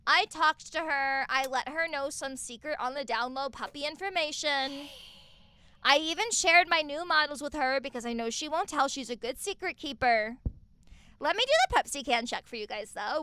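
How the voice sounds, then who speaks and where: A woman streaming live from home on a desk mic, chatting casually, excitable and swearing freely as she gushes thanks at her viewers. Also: high voice, moderate pace, slight background noise.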